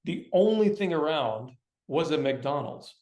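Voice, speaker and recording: Animated male actor guest, echoey room. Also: on the high side, measured pace. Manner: animated, laughing, dude-and-bro slang. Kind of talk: casual storytelling interview. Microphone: video call.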